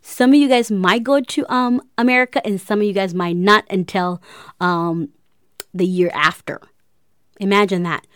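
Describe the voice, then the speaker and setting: A young woman telling a personal story, halting often with fillers and getting emotional. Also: medium pitch, smooth, dry recording, studio quality. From grew up in a refugee camp.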